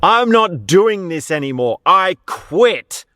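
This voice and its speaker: A man's voice: fairly high pitch, lively intonation, a little fast, fairly bright tone, no echo, clean studio sound, voice pushed up. A man voicing a bitter male circus clown who insists he is quitting, in an exasperated, insistent way.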